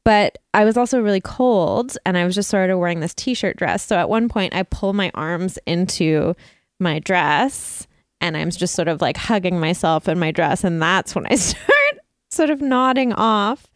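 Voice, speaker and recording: A woman's voice: fairly low pitch, expressive, normal speed, dry recording, clean studio sound. A woman hosting a podcast, telling a story in a chatty, self-mocking way and laughing often. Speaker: podcast host. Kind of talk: casual chat.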